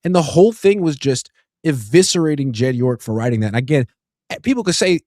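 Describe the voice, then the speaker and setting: A man's voice: medium pitch, expressive, brisk, a little mellow, no echo, studio quality. A man in his thirties hosting a casual sports talk show, reading viewer comments in an easygoing way. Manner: easygoing, reads super chats aloud.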